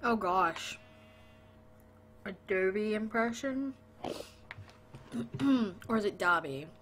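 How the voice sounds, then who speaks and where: A woman's voice: mid-range voice, expressive, extremely slow, fairly bright tone, slight background noise. A woman streaming a video game and chatting playfully with her viewers, greeting them and joking along as she plays. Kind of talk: casual live-stream chat while gaming.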